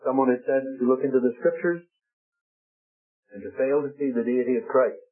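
A man preaching a sermon, slowing down and leaning hard on key words. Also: mid-range voice, soft background music. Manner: emphatic, slows and stresses key words. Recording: tinny lo-fi broadcast audio.

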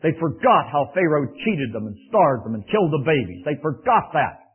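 Husky-voiced man preaching over tinny radio. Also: fairly high pitch, normal speed. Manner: animated, raises voice for emphasis, folksy asides. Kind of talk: sermon.

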